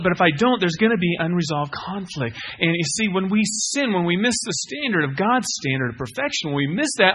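A man's voice: high voice, a bit bright, slightly rough. A middle-aged man preaching a sermon, earnest, repeating key phrases and putting questions to the listeners. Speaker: pastor.

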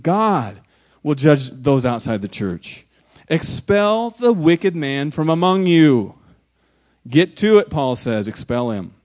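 A pastor delivering a sermon in a man's voice that sits a little above the usual male pitch. He preaches with emphasis, rising to loud declarations and then dropping to quiet, hushed lines. He often repeats words and phrases to drive a point home.

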